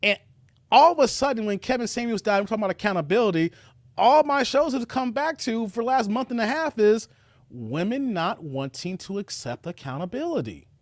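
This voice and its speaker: A man from Chicago hosting a reaction commentary livestream, talking straight to his viewers in a mocking, animated way. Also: high-pitched, a little fast, dry recording. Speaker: commentary show host.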